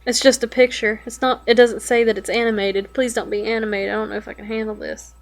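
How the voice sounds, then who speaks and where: A woman's voice: on the high side, flat delivery, quick pace. Young woman reading and reacting, swearing. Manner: reads aloud, swears and exclaims in alarm. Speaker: web fiction reader reacting.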